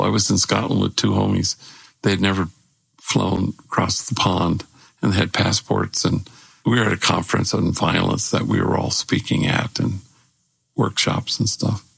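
An older man with a gravelly, husky voice, telling stories in casual conversation as a guest and lifting his voice when he quotes people. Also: sits low, normal speed, dry recording. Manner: animated when acting out quotes. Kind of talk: conversational storytelling.

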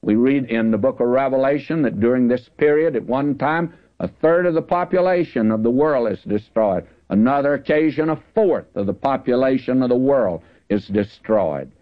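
A man teaching the Bible in a folksy, conversational sermon, slowing down to stress the verses he reads. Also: mid-range voice, expressive. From Southern California. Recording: dull lo-fi radio broadcast.

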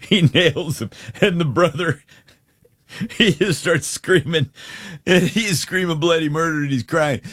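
A man's voice: a little high, a little slow, fairly bright tone, dry recording, studio quality. A man hosting a casual chat, telling a story with animation and frequent laughs.

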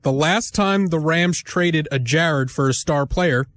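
A man on a sports talk show, joking and pitching bits and stats to the hosts. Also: unhurried, a bit bright.

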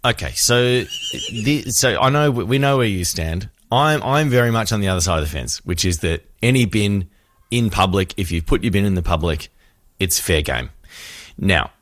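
A man co-hosts a radio show, his voice low and recorded dry and close. He tells stories in a lively way and slips into acted-out voices for the people in them. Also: moderate pace, dry recording. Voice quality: animated storyteller, acts out voices. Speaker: radio co-host. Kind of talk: casual radio banter, storytelling.

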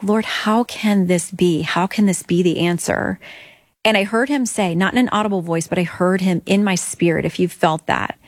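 A woman's voice: on the low side, no room sound. A woman guest earnestly telling her faith story in an interview, acting out quoted lines.

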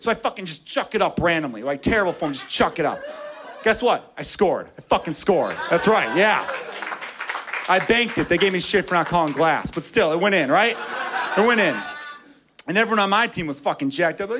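A male stand-up comedian telling a story to a crowd in a somewhat high voice. He is profane, animated and wry throughout. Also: brisk, noisy background.

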